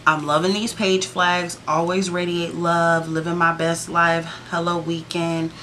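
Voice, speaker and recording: A woman's voice: fairly low pitch, level tone, measured pace, a bit bright, a little hiss or hum. A woman vlogging a casual sticker book flip-through, chatty and gushing, with sassy playful asides to her viewers.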